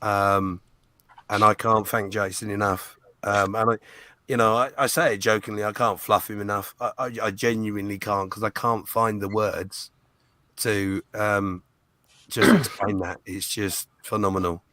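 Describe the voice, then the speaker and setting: A man hosting a charity auction stream, talking casually with many pauses and restarts. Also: on the low side, fairly even intonation, pushed and bright, no room sound. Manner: hesitant, many ums and restarts. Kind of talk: casual live-stream chat.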